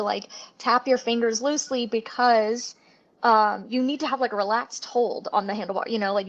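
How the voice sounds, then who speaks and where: A woman's voice: a little high, a bit bright, lo-fi sound. Guest: woman from New Orleans way, raised voice, chatty, lots of "like", easy laugh over a video call. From New Orleans area, Louisiana. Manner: chatty, frequent "like" fillers, laughs often. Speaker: guest, mountain biker. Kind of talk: casual interview chat.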